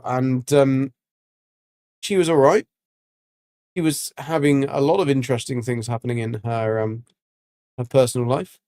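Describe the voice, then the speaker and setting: A man's voice: medium pitch, a little mellow, no echo. Guy rambling through a game stream, lots of ums, mid voice, dry sound. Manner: rambling and chatty, with many ums and restarts. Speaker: livestreaming gamer. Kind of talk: casual livestream chat while gaming.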